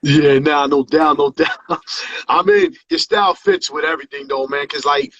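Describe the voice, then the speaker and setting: A man's voice: a little high, wildly swooping pitch, normal speed, gravelly, a bit bright, dry recording, dull audio. A man hosting a casual hip hop interview, laid-back and full of slang and fillers. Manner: laid-back slang, many fillers and "you know what I mean". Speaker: interviewer host.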